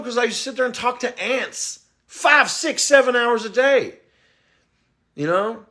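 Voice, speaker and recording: A man hosting a livestream, talking bluntly and profanely in a confessional rant that swings into loud, excited, laughing bursts. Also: very high-pitched, a little slow. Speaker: livestream host.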